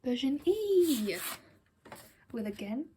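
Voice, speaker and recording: Chatty giggly young woman, higher voice. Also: big pitch swings, slow pace, mellow, slight background noise, rough recording. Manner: chatty and giggly, drops into whispered asides; apologetic, rambling. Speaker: vlogger reviewing album collection. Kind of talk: casual chat to camera.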